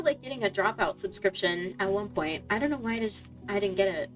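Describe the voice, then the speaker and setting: A woman's voice: mid-range voice, expressive, a little fast. A young woman chatting casually while playing a game, rambling and losing her train of thought, with lots of fillers. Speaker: streamer. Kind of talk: casual chat while gaming. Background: faint game music.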